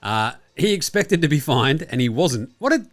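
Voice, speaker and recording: Casting: young Australian man, sports podcast host, animated up-and-down delivery, profane and rambling. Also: mid-range voice, normal speed, soft background music. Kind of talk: casual sports chat.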